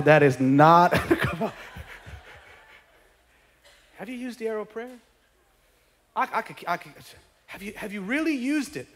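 A man preaching a sermon as pastor. He swings from quiet conversational asides to shouted preaching and acts out comic voices of churchgoers. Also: sits high, animated, moderate pace, pauses often, in a large hall. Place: church sanctuary.

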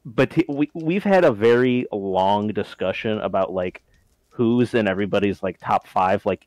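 A man's voice: fairly low pitch, no room sound, rough recording. A man co-hosting a podcast in casual chat, recapping with a fan's enthusiasm. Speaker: podcast co-host.

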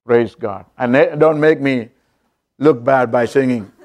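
A man's voice: medium pitch, slow pace, a little mellow. A man preaching a sermon as pastor, telling an illustration story and calling out to his congregation.

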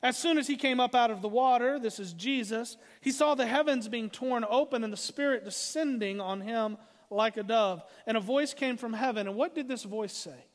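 A man preaches from the pulpit in a high, ringing voice. He leans hard into his points and slows down to read the scripture. The sound carries the long reverb of a church sanctuary. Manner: emphatic preaching, slowing for scripture readings. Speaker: pastor. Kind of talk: sermon.

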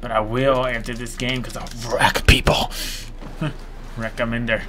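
A man's voice: mid-range voice, level tone, unhurried, a crowd in the background. A man streaming a game live, chatting casually, joking, swearing and laughing often.

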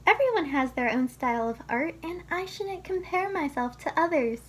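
Brief: a high-voiced little kid who flares up quickly, put on by a woman reader. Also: lively intonation, fairly bright tone. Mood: relieved. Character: small child, quick to get upset.

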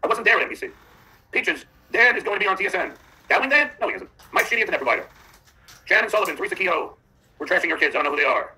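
A man's voice: high voice, lively intonation, racing, bright, forceful tone, low-quality recording. A man hosting a livestream podcast, reading out viewer chats in a combative, mocking way. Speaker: podcast host.

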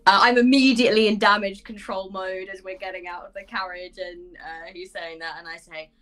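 Woman player doing her character, all uhs and ums, mid pitch. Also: steady tone, fairly quick, fairly bright tone, poor audio. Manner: flustered, hedging with fillers. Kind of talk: in-character tabletop role-play.

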